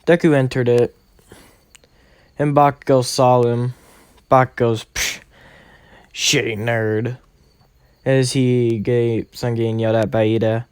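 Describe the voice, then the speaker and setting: A man's voice: mid-range voice, flat delivery, unhurried, a little mellow, clear, resonant tone. A man casually narrating a fan story in a loose, rambling way full of filler words.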